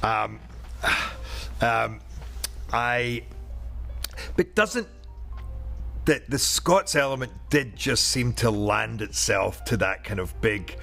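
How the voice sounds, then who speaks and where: A man's voice: lowish voice, gravelly. A middle-aged man in a casual interview, talking animatedly and restlessly about his work as an actor. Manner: animated, restless, jumps into playful quoted voices.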